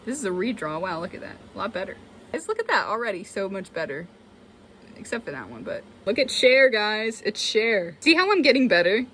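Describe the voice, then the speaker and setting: Lively, chatty young woman vlogger. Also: medium pitch, a little fast, a little hiss or hum. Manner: chatty, self-mocking, animated. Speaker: artist and vlogger. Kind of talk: casual sketchbook tour chat.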